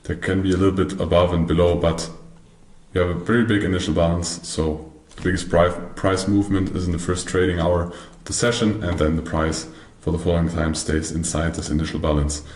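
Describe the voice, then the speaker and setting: A man's voice: deep voice, level tone, fairly quick, darkish tone, roomy sound. A man teaching a recorded trading course over slides, methodical and prone to restarting his words. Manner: methodical, restarts and corrects himself. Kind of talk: explaining slides in a recorded lesson.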